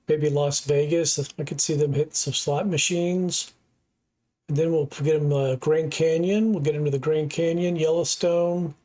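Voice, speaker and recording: A man's voice: a little high, fairly even intonation, moderate pace, mellow. A middle-aged man from the United States hosts a reaction video with earnest, opinionated commentary. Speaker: reaction channel host. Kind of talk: casual commentary.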